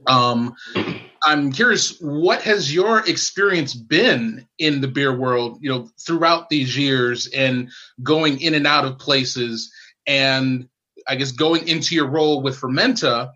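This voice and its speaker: A man hosting a casual podcast interview, laying out long questions in a relaxed way. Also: medium pitch, slow. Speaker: podcast host. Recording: dull, slightly muffled.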